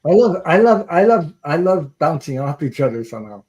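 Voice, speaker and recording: A man's voice: fairly high pitch, very animated, a little fast, a little mellow. A man hosting a casual live-stream chat, talkative and laughing often between sentences. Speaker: host.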